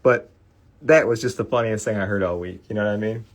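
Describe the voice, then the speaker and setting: Middle-aged male host, lowish voice, relaxed rambling storyteller chatting with a livestream audience. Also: moderate pace. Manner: rambling storyteller, laughs often, chatty with viewers. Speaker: card cleaning livestream host. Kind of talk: casual livestream chat.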